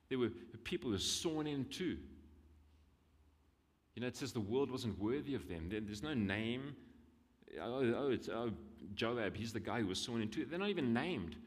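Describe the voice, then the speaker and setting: A man with a South African accent preaching a sermon in a conversational style, repeating his points for emphasis. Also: on the low side. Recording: long hall reverb.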